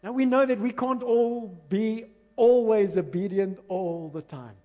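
A man preaching a passionate, emphatic sermon that swings between loud and quiet. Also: high-pitched, a little slow, muffled recording. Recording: long reverb of a large hall.

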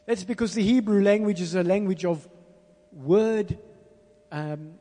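A man preaching a sermon, stressing words slowly and calling on the congregation to repeat after him. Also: sits high, warm tone. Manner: call-and-response with congregation; emphatic, slows down to stress words. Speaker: pastor. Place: church hall. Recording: long reverb in a large hall.

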